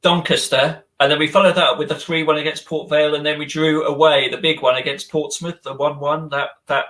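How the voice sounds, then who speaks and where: A man's voice: on the high side, flat delivery, a little fast, fairly bright tone. A man hosting a fan podcast, eagerly reminiscing about old matches in casual chat.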